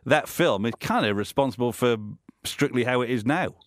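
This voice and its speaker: A man's voice: medium pitch, expressive, moderate pace, no echo, clean studio sound. Middle aged dj guy hosting, bouncy up and down voice, trips over his words, jokey. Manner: rambling, stumbling restarts, jokey. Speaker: radio DJ and podcast host. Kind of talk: casual interview chat.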